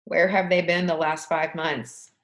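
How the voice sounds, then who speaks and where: A woman's voice: lowish voice, flat delivery, measured pace, fairly bright tone, reverberant, poor audio. A woman coaching a group webinar through a tapping session, leading repeated affirmations in an emphatic voice and sighing along. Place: home, on a webinar. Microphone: video call webcam.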